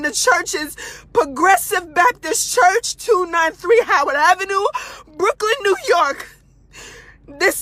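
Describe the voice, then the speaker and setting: High, tearful woman in distress. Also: bright, forceful tone. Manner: distraught, pleading, repeating herself. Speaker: family member speaking out. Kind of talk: impassioned direct-to-camera appeal.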